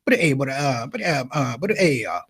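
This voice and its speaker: A man's voice: medium pitch, expressive, normal speed, a bit bright, husky, voice pushed down. A man imitating his elderly father, who mumbles in stop-start fillers. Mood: flustered. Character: elderly father, stammering and slow.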